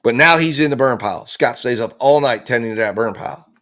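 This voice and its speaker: A man's voice: mid-range voice, quick pace, a bit bright. A man commenting live on a murder trial, building his theory with heat and acting out the lines he imagines people saying. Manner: impassioned, theorizing, acts out quoted lines. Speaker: true-crime trial commentator.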